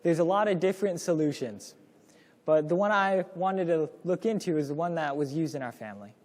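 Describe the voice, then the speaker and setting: A man's voice: on the high side, a little fast, darkish tone, big-room sound. A young man presenting a parenting lesson to a class in a casual, storytelling way, acting out the lines he quotes. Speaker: course presenter.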